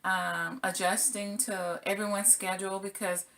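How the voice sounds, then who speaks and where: Brief: middle-aged woman vlogger, casual, animated storyteller, bright tense tone. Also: mid-range voice, unhurried. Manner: animated, acts out her own exclamations. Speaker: single mother vlogger.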